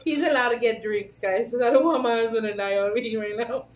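A woman's voice: on the high side, fairly quick. Giggly chatty woman vlogging. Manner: chatty, giggly, talks to viewers. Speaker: vlog host. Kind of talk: casual food-tasting vlog chat. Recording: echoey room with faint hiss.

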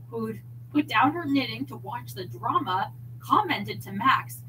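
A woman reading a novel aloud on a livestream, expressive and animated, dropping chatty asides to her viewers. Her voice is fairly high and bright, and there is a faint hum in the background. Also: measured pace, poor audio. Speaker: audiobook reader.

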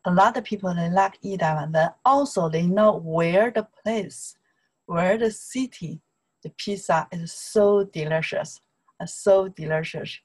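A woman from China teaching a Mandarin lesson, drilling words slowly in a chatty manner, with a Chinese accent in her English. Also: on the low side, rough recording. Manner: slow, repetitive drilling with broken English asides.

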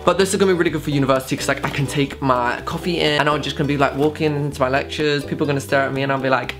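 Brief: camp young vlogger, sassy asides, squeals, music bed underneath. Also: male voice, mid-range voice. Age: young adult. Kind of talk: casual haul vlog. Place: bedroom with studio light. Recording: music playing behind the voice.

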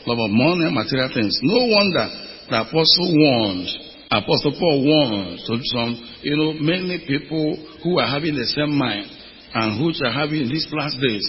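A man's voice: medium pitch, animated, moderate pace, a little hiss or hum. A man from Nigeria preaching a sermon as pastor, with emphatic questions thrown to the congregation. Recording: muffled audio with long hall reverb.

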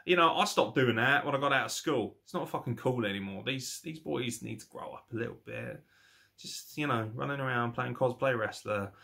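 Young guy ranting about wrestling, bright voice, lots of swearing and sarcasm. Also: medium pitch, creaky. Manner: sweary, sarcastic, animated rants. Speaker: wrestling reaction host. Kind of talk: casual opinionated commentary.

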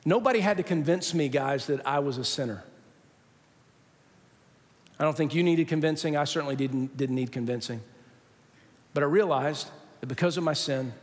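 A man preaching a sermon as pastor, telling a story with humor and acting out the voices of the people in it. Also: medium pitch. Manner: animated, acts out quoted voices, self-mocking humor. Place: large church sanctuary. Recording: long hall reverb.

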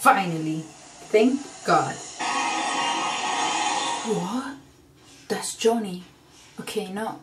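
A young woman casually reacting to a TV episode, excitable, laughing and swearing often. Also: medium pitch, drawn-out words, long pauses, far from the mic, over loud music. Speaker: TV show reactor.

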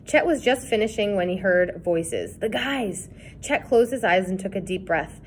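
Woman narrator, read-aloud kids' book, expressive. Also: medium pitch, moderate pace, a little hiss or hum. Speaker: reader.

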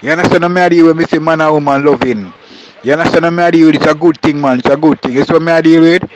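A man's voice: on the high side, fairly even intonation, rapid-fire, poor audio. A man with a Jamaican accent giving rambling street commentary, often checking that the listener understands. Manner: rambling, repeats "you understand".

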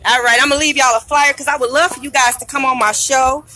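A woman's voice: high voice, fairly even intonation, fast. A woman hosting a live internet radio stream, chatting with vendors on the street into a handheld phone. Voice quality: loud, chatty, hype. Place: outdoor street event.

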